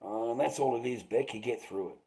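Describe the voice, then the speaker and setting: A middle-aged Australian vlogger rambles bitterly to his viewers, swearing constantly, repeating himself, and calling them mate. His medium-pitched voice is mellow and a little fast, and the recording is rough.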